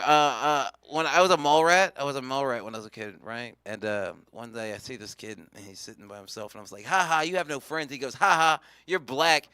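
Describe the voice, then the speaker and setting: Male stand-up comic, profane and rambling, clear, slightly high voice. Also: pushed and bright, no echo. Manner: rambling, profane, self-mocking. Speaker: stand-up comedian. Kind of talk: live stand-up set.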